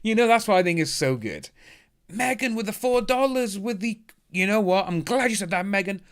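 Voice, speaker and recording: A chatty man runs a casual livestream, upbeat and loose as he reads out viewer comments. His voice sits a little higher than most men's. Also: expressive, normal speed. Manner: chatty, upbeat, thanks donors by name. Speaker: livestream host reading chat. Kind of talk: casual live stream chat.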